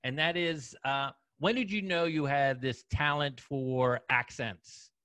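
A man's voice: mid-range voice, takes it slowly, pushed and bright, smooth, no echo. A man hosting an interview over a video call, asking friendly questions. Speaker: interviewer, professor. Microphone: computer mic on a video call.

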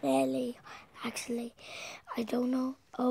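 A woman hosting her gaming channel, her voice gravelly with fry and her pitch fairly high. She speaks slowly and in an even, flat tone. She often drops into whispers before bursting out loudly at the action. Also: a little hiss or hum. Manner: drops to a whisper often, with sudden loud excited outbursts. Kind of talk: gameplay commentary.

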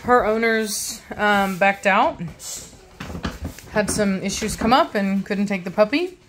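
A woman's voice: medium pitch, slow pace, background noise. A woman hosting a casual vlog about her puppies, chatting and slipping into cooing baby talk at them. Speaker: dog breeder and channel host.

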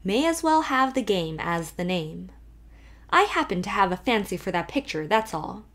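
A woman voicing a sharp-tongued, coolly teasing old rich great-aunt in an audiobook. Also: mid-range voice, big pitch swings, normal speed. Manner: cool, blunt, mocking.

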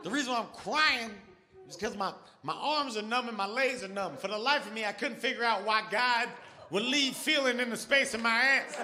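A male stand-up comedian telling a profane, animated story on a large theater stage, speaking into a handheld mic. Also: very high voice, moderate pace. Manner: profane, animated, shouts for emphasis. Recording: live show, loud audience laughter and noise.

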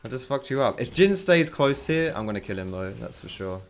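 A man's voice: medium pitch, lively intonation, brisk. A young man giving loose, chatty commentary on his own gameplay from his bedroom, swearing freely. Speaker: gaming commentator. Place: bedroom at home. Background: keyboard and mouse clicks.

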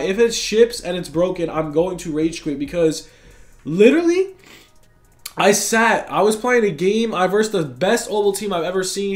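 Young man, higher voice, has a cold, fast casual chatter, gaming commentary. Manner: fast, chatty, says "bro" a lot. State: has a cold, sounds tired. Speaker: gaming YouTuber.

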